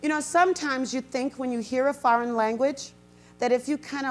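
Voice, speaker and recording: Animated woman storyteller giving a talk. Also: fairly quick, soft background music. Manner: animated, acts out quotes with big pitch jumps. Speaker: storyteller and guest speaker. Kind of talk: storytelling lecture. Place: university event, in front of an audience.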